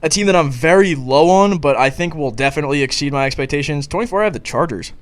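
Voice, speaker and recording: A man co-hosts a casual sports podcast, steering the conversation through team rankings. His voice sits a little on the high side. He often cuts in over the others. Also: expressive, fast talker. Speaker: podcast co-host.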